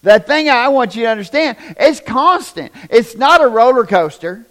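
A middle-aged man delivers a sermon with a high, lively voice that swoops up and down. He talks in a folksy, joking way, calling out to his congregation. He drifts from the mic now and then in a church. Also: normal speed. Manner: animated, folksy and joking, addresses congregation directly. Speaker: pastor.

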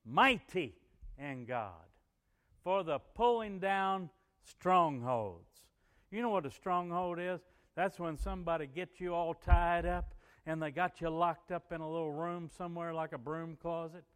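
Folksy preaching man, slightly high voice. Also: fairly even intonation, moderate pace, few pauses, clean tone. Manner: folksy storytelling with bursts of emphatic preaching. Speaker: pastor. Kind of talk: sermon.

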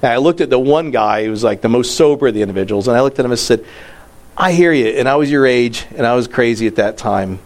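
A male pastor preaching a casual, story-driven sermon, acting out the people he quotes, his voice leaping up and then dropping low. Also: quick pace. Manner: animated storytelling, voice jumping high and dropping low.

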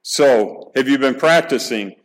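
A man's voice: mid-range voice, unhurried, low-quality recording. Middle-aged male pastor, mid-range voice, earnest preaching with repeated restarts. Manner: earnest, emphatic preaching with rhetorical questions. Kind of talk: sermon.

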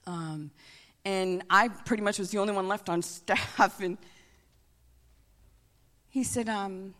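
A middle-aged woman giving a preached testimony, animated, moving between emphatic lines and hushed ones. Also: mid-range voice, takes it slowly. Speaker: church staff member giving testimony. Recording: long reverb of a large hall.

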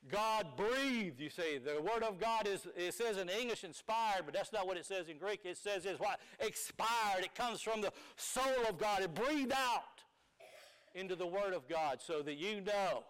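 High, clear-voiced male preacher. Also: expressive, unhurried, low-quality recording. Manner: emphatic, swings from soft to loud; explains Hebrew and Greek words. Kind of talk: sermon.

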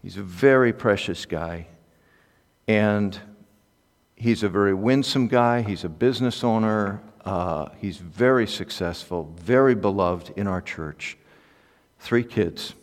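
Pastor guy giving a sermon, goes soft then gets loud and fired up, big echoey hall sound. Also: lowish voice, takes it slowly. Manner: swings from soft asides to loud impassioned peaks. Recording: echoey hall with long reverb.

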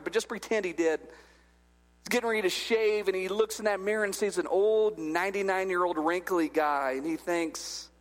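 Joking pastor in a reverberant hall. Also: male voice, high voice. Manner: jokey, acts out little dialogues. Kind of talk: humorous conversational sermon.

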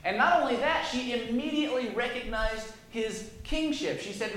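A man's voice: very high voice, normal speed, few pauses, fairly bright tone, slight background noise. A man preaching a sermon, reading scripture aloud and then explaining it in a conversational way. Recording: very echoey room.

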